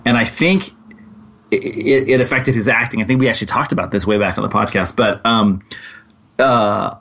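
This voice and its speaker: A man with a somewhat low voice co-hosts a casual podcast. He rambles and restarts his sentences as he works through his opinions. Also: a bit bright, breathy edge. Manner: rambling, halting, many restarts. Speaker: podcast co-host.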